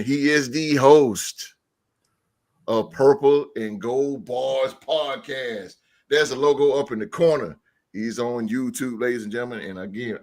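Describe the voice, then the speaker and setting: A man hosting a sports podcast, hyping up his co-hosts with loud, excited introductions. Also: medium pitch. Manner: loud hype-man introductions, shouting and laughing. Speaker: podcast host.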